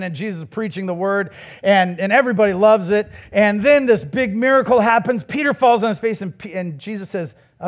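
High-voiced man preaching a sermon. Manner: conversational preaching that builds to emphatic, raised passages. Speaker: pastor.

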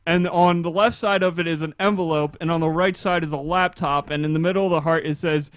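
A man's voice: a little high, steady tone, a little fast, dry recording. A man co-hosting a podcast in casual banter, laughing often and reading items aloud. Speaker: podcast co-host.

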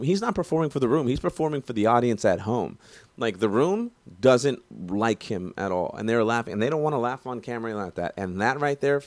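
Profane rambling man, low dry voice. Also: no room sound. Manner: profane, rambling, many restarts. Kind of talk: casual rant, movie review.

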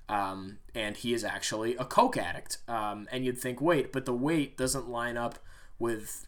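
A man's voice: medium pitch, a bit bright. A man hosting a podcast, telling a rambling story with lots of fillers and swearing. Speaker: podcast host. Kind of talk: casual storytelling monologue.

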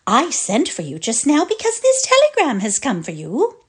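A woman's voice: high-pitched, huge pitch swings, voice pushed up. A woman doing a prim older headmistress. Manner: measured and proper.

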